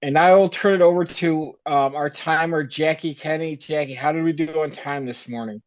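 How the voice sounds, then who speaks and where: A man with a slightly high voice running a club meeting, politely calling each speaker by name. The sound is somewhat dull and muffled, like a room microphone. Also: normal speed. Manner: polite, hands speakers over. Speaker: meeting host. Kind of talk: meeting facilitation.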